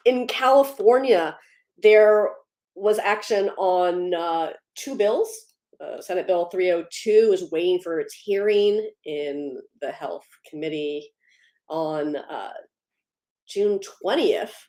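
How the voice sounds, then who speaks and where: A woman's voice: lowish voice, slow pace, a little mellow. Upbeat woman hosting a livestream, echoey. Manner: upbeat, greets viewers by name, laughs easily. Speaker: livestream host. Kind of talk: casual livestream chat and policy update.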